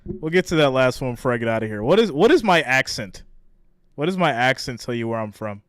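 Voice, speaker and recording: A man's voice: medium pitch, very animated, brisk, a bit bright, clear, resonant tone, dry recording, studio quality. A man from New York hosting a live stream in a casual chat style. He reads viewer guesses aloud and laughs often.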